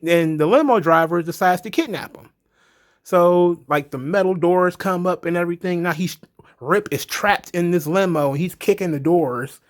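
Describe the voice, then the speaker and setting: Man, casual movie review, blunt, rambling, swears, slightly high voice.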